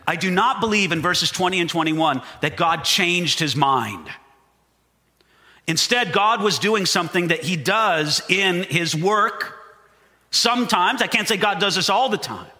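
A man preaching a sermon as a pastor, animated and emphatic. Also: sits high. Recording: long hall reverb.

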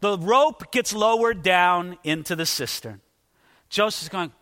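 A man's voice: sits high, moderate pace, bright, forceful tone, big-room sound. A man preaching a sermon, dramatically acting out Bible figures as he tells the story. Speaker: pastor.

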